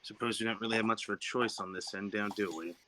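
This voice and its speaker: A man at a tabletop game with a bright, forceful voice, talking bluntly and swearing freely. His remarks carry a wry, skeptical edge. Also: fairly low pitch, steady tone, quick pace, slight background noise. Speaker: player. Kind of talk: casual game chat.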